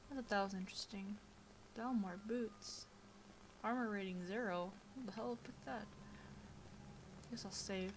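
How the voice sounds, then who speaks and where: A woman's voice: medium pitch, steady tone, normal speed, pauses often, a little hiss or hum. A young woman giving casual, chatty commentary over a video game playthrough, easily distracted and full of fillers, on a home computer microphone. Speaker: gameplay commentator.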